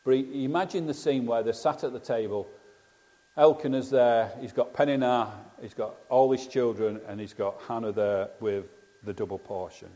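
A man's voice: mid-range voice, steady tone, normal speed, mellow. A man preaching a sermon in an earnest, conversational way, often asking rhetorical questions. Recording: long hall reverb.

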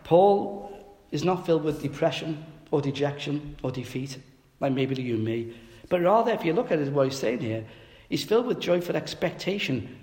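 A man preaching a sermon, telling a funny story from his boyhood with lively, self-mocking humor. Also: on the high side. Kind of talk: sermon with humorous personal anecdote. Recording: echoey hall with long reverb.

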